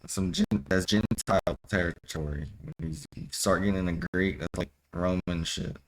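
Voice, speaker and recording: A young man with a very deep, low voice reads old scripture aloud in a casual way. He trips over the archaic wording and keeps breaking off into loose, profane slang asides. A faint hiss sits behind his voice. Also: fairly even intonation, normal speed, poor audio. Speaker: streamer reading scripture aloud. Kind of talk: casual reading and commentary.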